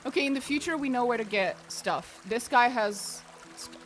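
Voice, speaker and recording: A woman streaming a video game, chatting casually, excitable and swearing, often breaking into laughs. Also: on the high side, normal speed, faint music behind. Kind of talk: casual gameplay commentary.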